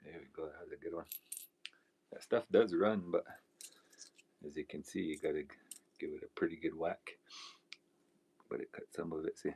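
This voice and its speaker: A man's voice: very deep voice, fairly even intonation, normal speed, long pauses, a little mellow, slightly rough. A man hosting a live stream, chatting casually and telling rambling folksy stories while he works, laughing often. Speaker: livestream host.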